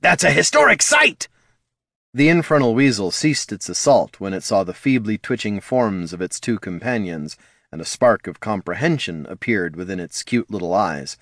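A man narrating a fantasy audiobook in a measured storytelling manner. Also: fairly low pitch, animated, dry recording, clean studio sound. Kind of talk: scripted narration.

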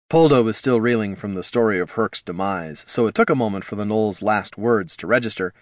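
A man narrating a fantasy story in an expressive storytelling way. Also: on the low side, brisk, few pauses, no room sound, clean studio sound. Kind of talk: audiobook narration.

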